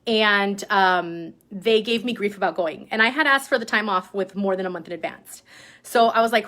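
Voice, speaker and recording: A woman telling a personal story to her sales team in a casual, animated way, often adding "like" and "right?", and acting out what people said. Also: mid-range voice, normal speed. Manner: acts out quoted dialogue in other voices. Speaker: direct-sales team leader.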